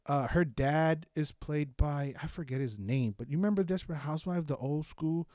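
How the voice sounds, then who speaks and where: A young man co-hosting a podcast, chatting casually about shows with lots of swearing and animated storytelling. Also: fairly high pitch, moderate pace, no room sound, studio quality. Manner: animated, profane, loud bursts of laughter-filled storytelling. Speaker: podcast co-host. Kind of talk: casual chat, reviewing shows.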